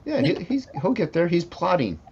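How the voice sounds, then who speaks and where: A man's voice: high-pitched, huge pitch swings, moderate pace, crowd noise. A man on a casual group video call, playful and goofy, who often stumbles and restarts his sentences. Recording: dull lo-fi mic.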